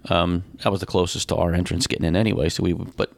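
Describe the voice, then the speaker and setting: A middle-aged man with a low, gravelly voice chats easily and asks follow-up questions. The recording is close and dry. He sounds like a relaxed podcast regular. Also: fast talker, dry recording. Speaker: podcast co-host. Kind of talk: casual chat.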